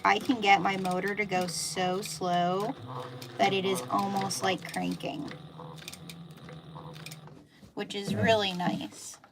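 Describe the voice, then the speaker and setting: A middle-aged woman with a Pennsylvania Dutch accent, chatting as she sews through a live tutorial and thinks out loud about each step. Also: medium pitch, flat delivery, takes it slowly, pauses often. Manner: chatty, thinking aloud while sewing. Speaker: sewing instructor. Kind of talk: live sew-along tutorial. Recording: noisy room with machine clicks.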